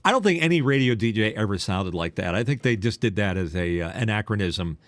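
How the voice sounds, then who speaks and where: A man's voice: on the low side, expressive, fairly quick, dry recording. An older man, a former radio DJ, co-hosting a casual podcast chat, teasing and telling stories with a trained broadcast delivery.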